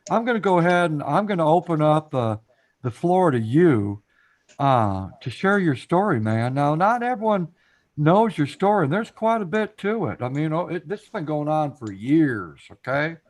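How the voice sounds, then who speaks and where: A man's voice: fairly high pitch, expressive, normal speed. A man hosting a casual live stream panel, encouraging guests to come up and talk, often repeating himself. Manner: encouraging, repeats phrases, addresses chat directly.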